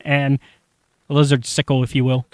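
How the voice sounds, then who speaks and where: A man's voice: medium pitch, flat delivery, no room sound, clean studio sound. A man chatting casually as a podcast host, rambling through a story recap and briefly voicing the characters. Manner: rambling, acts out characters in quick asides. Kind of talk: casual chat recapping a comic.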